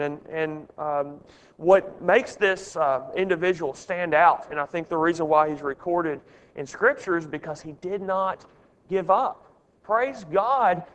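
A man's voice: sits high, clean tone, big-room sound. A man leading a Bible study, earnest and asking his group questions.

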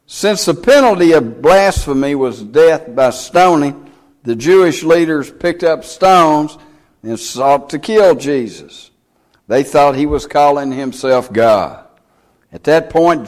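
A man preaching a sermon, reading scripture in old King James wording with slow, deliberate emphasis. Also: on the high side, lively intonation, darkish tone. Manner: reads scripture aloud in King James English.

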